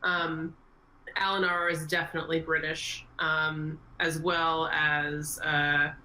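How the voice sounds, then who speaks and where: Bright-voiced woman game master. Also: low-pitched, flat delivery, takes it slowly, poor audio. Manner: explains at length, casual and meandering. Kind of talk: podcast Q&A chat.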